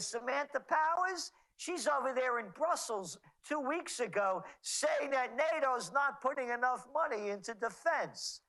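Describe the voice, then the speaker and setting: A woman speaking as a commentator in a heated political chat. Her voice sits a little high, and she sounds sarcastic and mocking. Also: expressive, unhurried, hardly any pauses, a bit bright, poor audio.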